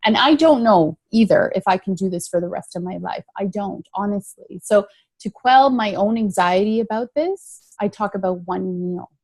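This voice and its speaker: A woman's voice: medium pitch, normal speed, a little mellow, dry recording. A middle-aged woman telling her recovery story in an interview, earnest and emphatic, often repeating key phrases. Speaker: guest sharing recovery story. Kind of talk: interview answers, reflective.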